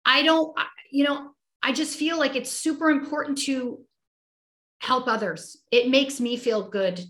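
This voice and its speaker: A woman with a bright, fairly high voice speaks heartfelt and reflective, often stopping and restarting her sentences. She is a podcast guest in a conversational interview. The recording has a noticeably echoey room sound. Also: steady tone, unhurried.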